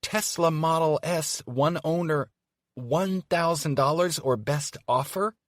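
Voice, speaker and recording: A man voicing a sharp-tongued young woman talent agent in an audiobook, mocking and sweetly teasing. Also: medium pitch, very animated, normal speed, husky, dry recording, studio quality, voice pushed up. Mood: flustered. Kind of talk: audiobook character voice.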